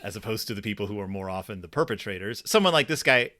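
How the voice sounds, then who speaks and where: A man's voice: fairly low pitch, animated, quick pace, bright, forceful tone. A man co-hosting a casual book discussion podcast, thinking aloud with plenty of fillers and restarts. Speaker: podcast co-host.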